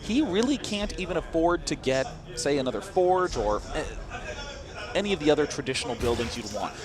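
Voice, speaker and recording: A man's voice: fairly high pitch, very animated, brisk, over music. An American man casting a live strategy game match, analytical and fond of teasing banter. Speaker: esports commentator.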